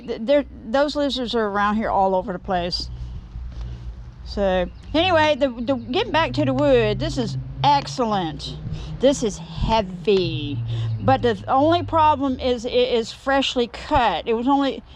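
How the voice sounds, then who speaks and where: A woman's voice: on the high side, lively intonation, unhurried, slight background noise. A woman chatting and rambling to viewers as she works in an outdoor workshop. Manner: chatty and rambling, talks to viewers and shoos a bee. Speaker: woodturning vlogger. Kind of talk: casual chat while working in a workshop.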